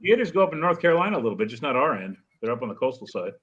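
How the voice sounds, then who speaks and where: Fast-talking man, dull lo-fi mic. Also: mid-range voice, very animated, crowd noise. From Northern United States. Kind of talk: casual chat.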